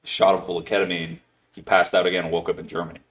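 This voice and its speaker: A very low-pitched man tells a story on his podcast in a loose, casual way. His talk rambles and is full of swearing and "like" fillers. His voice sits deep in the chest. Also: flat delivery, fast, fairly bright tone. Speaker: podcast host.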